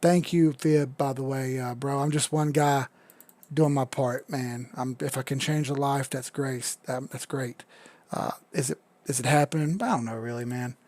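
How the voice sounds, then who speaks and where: A man's voice: mid-range voice, steady tone, moderate pace, a little mellow, no room sound. A man hosting a crypto live stream, talking casually and rambling while he charts, swearing now and then and reading out chat. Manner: laid-back, rambling, swears casually, reads chat aloud.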